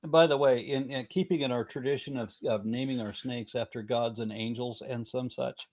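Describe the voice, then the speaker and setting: A man hosts a discussion and reads out a viewer comment. His mid-range voice stays easy and unhurried. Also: mid-range voice, steady tone, a little mellow. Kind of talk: casual discussion.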